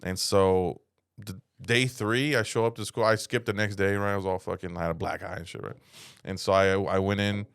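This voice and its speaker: A man's voice: low-pitched, steady tone, a little fast, a bit bright, clear, resonant tone, no echo, clean studio sound. A man from San Antonio, Texas, telling rambling, profane stories as a comedian on a casual podcast. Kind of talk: casual storytelling chat.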